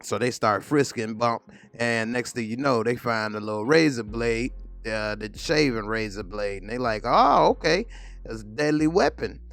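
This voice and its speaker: A man's voice: lowish voice, normal speed, a bit bright, clear, resonant tone. A man casually recapping a TV episode in a chatty, storytelling way. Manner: chatty, retelling scenes in voices. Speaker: TV episode reviewer.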